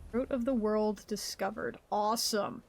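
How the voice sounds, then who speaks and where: A woman live-streaming a game, chatting casually with her viewers in an excitable, laughing way. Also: mid-range voice, measured pace, creaky, a little hiss or hum. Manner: greets chat viewers mid-game.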